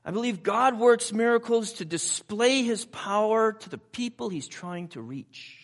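A man's voice: high voice, expressive, measured pace. A man preaching a sermon in a conversational way, with personal asides and rhetorical questions put to his listeners. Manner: asks the audience rhetorical questions.

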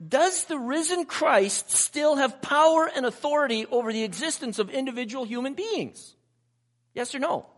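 High, lively-voiced male preacher. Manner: asks the audience rhetorical questions; conversational, personal asides. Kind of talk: sermon.

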